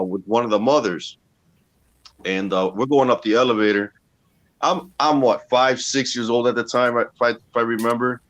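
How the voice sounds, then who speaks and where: Profane, animated storytelling man. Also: mid-range voice. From Chicago area. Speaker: co-host. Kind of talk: casual storytelling.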